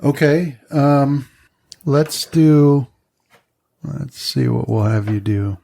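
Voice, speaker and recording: A man running a tabletop game as game master, describing scenes in a relaxed way with frequent fillers. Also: mid-range voice, slow, gravelly.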